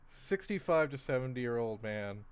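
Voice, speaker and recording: A man's voice: mid-range voice, animated, normal speed, a little hiss or hum. A man running a tabletop game as game master, joking and laughing between narration.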